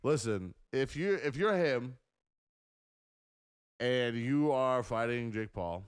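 A young man in crude podcast banter with a mid-range voice. His pitch moves around animatedly. He reacts with mock disgust and reasons things out. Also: lively intonation, takes it slowly, clean tone. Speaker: podcast co-host.

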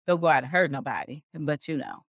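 Casting: woman podcast host, warm-hearted churchy chatter with frequent laughs, dry close sound. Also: low-pitched, very animated, brisk, no echo. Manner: affectionate, churchy, laughs often. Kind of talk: casual livestream outro chat.

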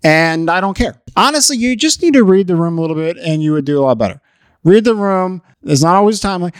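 A man rants in an exasperated, lecturing tone, swearing freely as he hammers his points home. His voice sits fairly high for a man and sounds dry and close. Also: lively intonation, fairly quick, smooth, dry recording. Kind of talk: comedic rant to camera.

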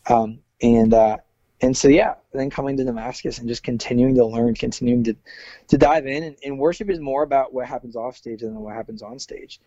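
A man's voice: medium pitch, brisk, mellow, no echo, dull audio. A man who is a worship leader, speaking earnestly in a casual interview, with many fillers and restarts.

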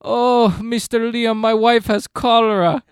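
A man voicing a humble, weary immigrant building worker, speaking slowly and plaintively in a comedy podcast bit. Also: extremely high pitch, steady tone, clear, resonant tone, dry recording, studio quality, voice pushed up.

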